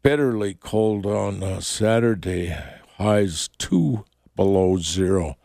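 A man working as a radio DJ, reading a weather forecast on air in unhurried, halting phrases from a studio microphone. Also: low-pitched, expressive, creaky, mellow, no room sound.

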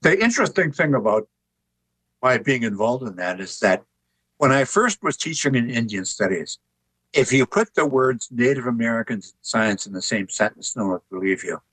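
An older man sits for an interview and tells stories with easy, wry humor. His voice sits at an ordinary middle pitch. The sound is close and dry, with no room echo. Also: moderate pace, breathy edge. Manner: relaxed, anecdotal, wry humor. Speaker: author and artist guest. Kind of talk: conversational interview storytelling.

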